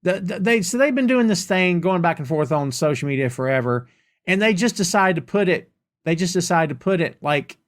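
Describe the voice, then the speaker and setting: A Southern-accented man hosts a live podcast, reading listener questions and answering them with casual, emphatic rants. His voice sits a little high for a man. His pitch swings widely from line to line. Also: brisk. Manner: animated, emphatic, repeats himself for effect. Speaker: podcast host.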